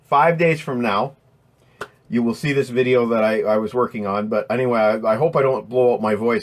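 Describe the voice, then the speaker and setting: A man's voice: medium pitch, a little fast. A man hosting a casual live stream, rambling and swearing as he reads out chat names, his throat strained from voiceover work.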